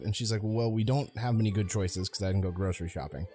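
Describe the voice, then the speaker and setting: Faint music plays behind a fast-speaking man in his thirties whose voice is on the low side. Co-hosting a casual podcast, he brings his anecdotes to life by acting out the voices.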